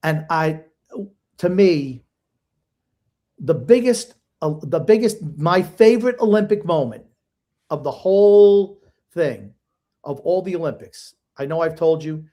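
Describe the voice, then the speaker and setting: A man's voice: a little high, animated, measured pace, mellow. An older man co-hosting a sports podcast, blunt and emotional in casual chat. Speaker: podcast co-host.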